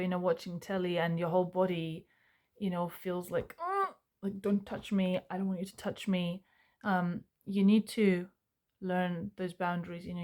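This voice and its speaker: A young woman, talking earnestly and haltingly to camera about healing, with many fillers and restarts. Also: on the low side, darkish tone. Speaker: self-help vlogger. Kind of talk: reflective personal talk to camera.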